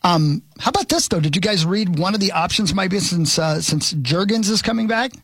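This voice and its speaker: A man co-hosting a morning radio show in the studio, throwing in quick wisecracks. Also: high-pitched, a bit bright, breathy edge, dry recording. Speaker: radio co-host. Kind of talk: casual studio banter.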